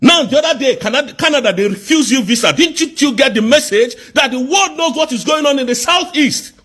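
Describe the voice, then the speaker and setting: A man with a Nigerian accent in an angry live rant, firing off accusing rhetorical questions and sometimes shouting. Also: extremely high pitch, lively intonation, brisk. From southeast Nigeria.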